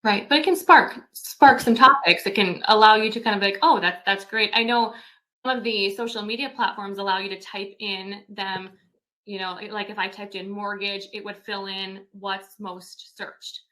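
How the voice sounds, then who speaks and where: A woman's voice: mid-range voice, fairly even intonation, moderate pace, sharp tone, rough recording. A woman co-hosting a podcast who chats in an upbeat way and laughs often. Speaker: podcast co-host. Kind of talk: casual podcast conversation.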